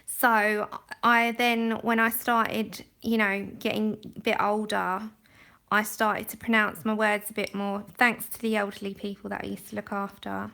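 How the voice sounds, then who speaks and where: A woman's voice: mid-range voice, level tone, measured pace, gravelly, bright, forceful tone. A woman from London with a London accent, chatting casually and rambling a little as she colours on a livestream. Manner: chatty, rambling, laughs often. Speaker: livestream host. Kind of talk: casual chat while colouring. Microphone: phone.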